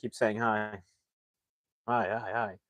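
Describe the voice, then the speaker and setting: A man's voice: on the low side, little pitch movement, fairly bright tone, no room sound. Rambling man recapping a movie, close dry mic. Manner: rambling, acts out characters' lines in quick impressions. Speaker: movie reviewer. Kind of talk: casual plot recap on a livestream.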